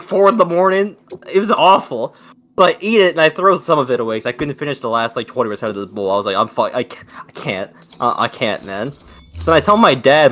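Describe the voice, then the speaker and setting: A man's voice: mid-range voice, pushed and bright. A young man chatting casually, telling a profane, rambling story full of fillers. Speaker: streamer. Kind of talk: casual chat. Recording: noisy background.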